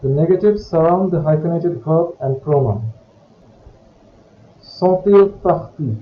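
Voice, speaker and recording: A man teaching French grammar in a recorded lesson, explaining slowly and carefully. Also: on the high side. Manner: slow, careful, explanatory delivery. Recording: dull, echoey room with faint hiss.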